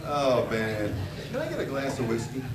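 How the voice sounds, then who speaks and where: A man's voice: mid-range voice, huge pitch swings, normal speed, heavy background noise. A man with a Detroit-area American accent doing a crude, swearing stand-up set in a bar, telling stories and acting out his wife's lines. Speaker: stand-up comedian. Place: bar with a live audience. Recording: echoey bar recording from far off with crowd.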